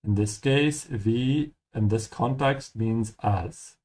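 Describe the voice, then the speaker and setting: Friendly and patient, the man breaks down game dialogue line by line to teach German, slowly repeating key vocabulary. His pitch is medium and his tone a little mellow.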